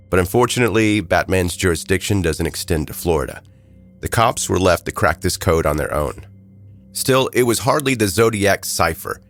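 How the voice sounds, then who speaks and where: A man's voice: sits low, animated, moderate pace, a bit bright, faint music behind. A man hosting a true crime podcast, narrating a scripted story with wry, joking asides while he has a head cold. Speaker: podcast host.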